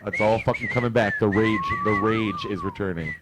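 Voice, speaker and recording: A man's voice: medium pitch, wildly swooping pitch, a little fast, very noisy. A man co-hosting a podcast in casual chat, teasing his co-host and swearing freely.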